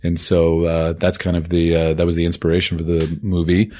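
A man co-hosting a podcast, calmly summarizing and explaining an old film in casual talk. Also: deep voice, brisk. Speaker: podcast co-host.

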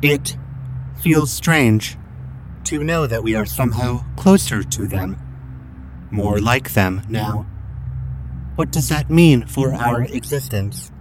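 A man's voice: mid-range voice, lively intonation, slow pace, pauses often, background noise. A man doing Barry, a blunt literal robot. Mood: earnest. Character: earnest, literal-minded male robot companion.

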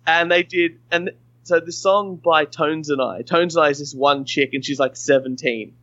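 A man's voice: a little high, moderate pace, a bit bright, no room sound, muffled recording. A man, chatting casually as a podcast guest in a rambling, frank way. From Australia.

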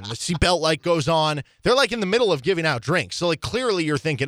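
A man's voice: on the high side, very animated, a little fast, fairly bright tone, no room sound. A young man hosting a sports talk radio show, telling stories in a chatty, self-deprecating way with frequent laughs. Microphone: studio microphone.

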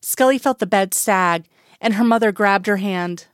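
A woman reading a story aloud in calm, even narration. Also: mid-range voice, moderate pace, clear, resonant tone, no echo, studio quality. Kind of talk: audiobook narration.

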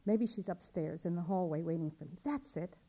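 A woman's voice: lowish voice, brisk, dark tone. A woman voicing a worried young mother asking around for her missing daughter, polite and pleading. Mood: anxious. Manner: anxious, polite, pleading questions.

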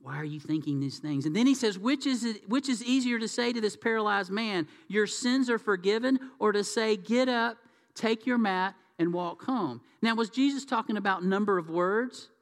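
A man preaching a sermon, telling the story with animated asides and acted-out voices. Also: high voice, moderate pace, hardly any pauses. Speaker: pastor. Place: church hall. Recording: reverberant church hall.

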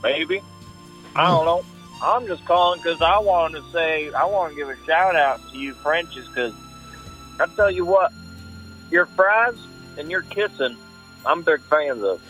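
A man's voice: fairly high pitch, lively intonation, measured pace, long pauses, a bit bright, faint music behind, rough recording. A man playing a brash truck-loving male caller with a laid-back, cocky drawl.

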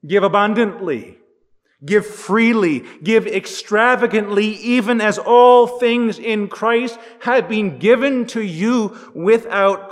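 A male pastor preaching slowly, with a high, light voice and long pauses. He leans hard on key phrases and lets them ring out through a church with a long echo. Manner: measured, emphatic with dramatic pauses. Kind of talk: sermon.

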